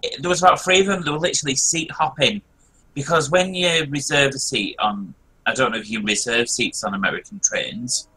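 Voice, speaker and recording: A man's voice: mid-range voice, a little fast, rough recording. A man, hosting a stream and rambling through a long story in casual chat. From Britain. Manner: rambling and animated, repeats words while telling a story. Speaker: stream host. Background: faint background music.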